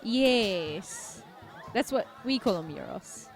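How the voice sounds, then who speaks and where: Playful woman with a lively voice. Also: fairly high pitch, moderate pace, a faint crowd. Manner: playful, teasing, laughs often. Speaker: let's play co-host. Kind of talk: casual chat.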